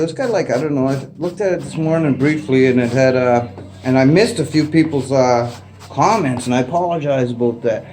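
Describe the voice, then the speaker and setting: A middle-aged Canadian man vlogs from home, speaking into a phone propped up in front of him. His voice is mellow and medium in pitch, and his unscripted chat to the camera rambles along, full of "eh" and "like."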